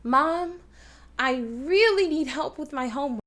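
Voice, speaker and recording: A woman's voice: medium pitch, moderate pace, natural voice. A woman voicing her younger self as a little girl, half-singing a plea to her mom for homework help. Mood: pleading, sing-song. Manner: sing-song, half-sung pleading. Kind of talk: sung recitative demonstration.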